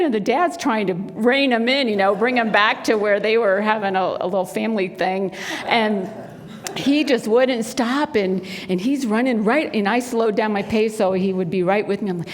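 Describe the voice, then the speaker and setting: A woman speaking to a spiritual center congregation, telling stories and acting out the people in them. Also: moderate pace. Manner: animated storyteller, acts out quotes in a high bright voice. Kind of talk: sermon talk with storytelling. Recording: long hall reverb.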